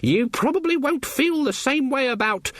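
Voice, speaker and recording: A man voicing a stern old female witch who speaks in a slow, icy, sarcastic way. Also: extremely high pitch, lively intonation, dry recording, studio quality, voice pushed up.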